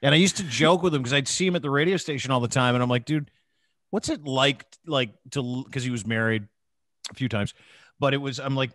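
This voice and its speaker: A man's voice: a little fast, fairly bright tone, no room sound, clean studio sound. A man hosting a podcast, telling stories in casual, profane banter. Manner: profane storytelling, drops into a low breathy impression. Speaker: podcast host.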